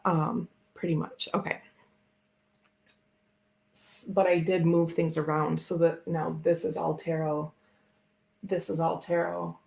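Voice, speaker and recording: A woman's voice: fairly low pitch, flat delivery, takes it slowly, creaky, long pauses, a little mellow. A woman hosting a casual tarot live stream, chatting in a rambling way and laughing often. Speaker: tarot channel host.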